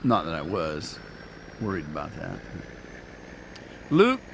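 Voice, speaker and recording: A man talks through his gameplay as a streamer, joking in a self-mocking, rambling way. His mid-range voice swings up and down with a lot of life. Engine rumble and ambient game noise sit clearly underneath him. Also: animated, moderate pace. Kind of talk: casual gameplay commentary.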